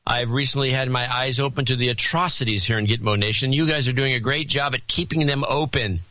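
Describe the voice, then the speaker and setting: Middle-aged guy on a podcast, hammy reading of donor notes, bright sound, dead dry. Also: mid-range voice, brisk, dry recording. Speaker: podcast co-host. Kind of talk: reading listener donations aloud.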